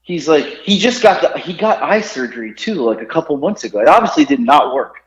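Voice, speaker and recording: A man in his forties telling stories on a casual podcast, animated and laughing often. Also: a little high, brisk. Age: 40s. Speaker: podcast co-host. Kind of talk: casual storytelling chat. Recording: roomy, dull lo-fi sound.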